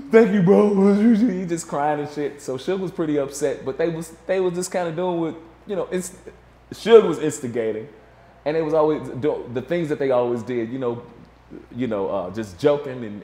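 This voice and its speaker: Man telling a story, roomy sound. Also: medium pitch. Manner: animated storyteller, acts out quotes. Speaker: interview guest. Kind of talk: casual storytelling interview.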